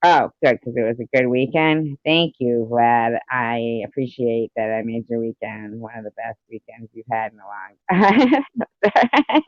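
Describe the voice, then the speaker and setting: A woman's voice: a bass voice, fairly even intonation, moderate pace, no echo. A woman chatting casually on her live stream, teasing, laughing often and swearing freely. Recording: dull, dry lo-fi stream audio.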